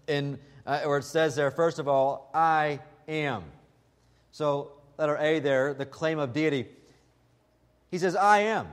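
High-voiced preacher man, emphatic. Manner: emphatic, slows down when quoting scripture. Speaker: pastor. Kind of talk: expository sermon.

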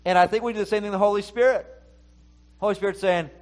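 A man's voice: high voice, steady tone, quick pace, pauses often, a little mellow. A middle-aged male pastor giving a conversational sermon, talking to the congregation and acting out the inner voices he quotes.

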